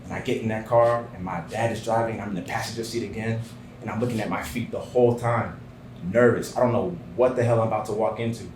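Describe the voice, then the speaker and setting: A man telling a personal story on stage at a live show, earnest and dropping to a hushed voice in tender moments. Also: lowish voice, fairly even intonation, quick pace, slight background noise. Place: small theater stage. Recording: roomy live theater sound.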